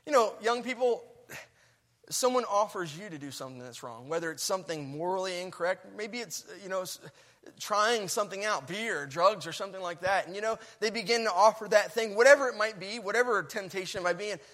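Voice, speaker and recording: A man preaching an earnest, animated sermon, addressing young people and reading Bible verses aloud. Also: high-pitched, fairly quick, big-room sound.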